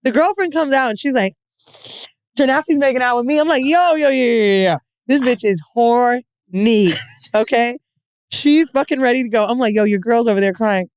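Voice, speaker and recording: A woman's voice: on the high side, normal speed, dry recording. A woman in her thirties co-hosting a podcast, telling a story in casual chat, acting out the quotes and swearing freely. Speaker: podcast co-host.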